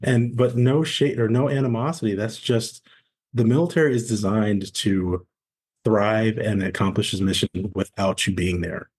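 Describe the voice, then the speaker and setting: A former Navy SEAL in his forties, speaking at a moderate pace in a fairly low voice with a breathy edge, tells his story candidly as a podcast guest. It's conversational interview storytelling, and he animatedly acts out the voices of people he met.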